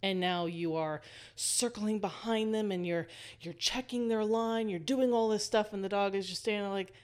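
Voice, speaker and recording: A woman hosting a casual storytelling monologue, lively, laughing often and walking the listener through a scene. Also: mid-range voice, normal speed, clean tone.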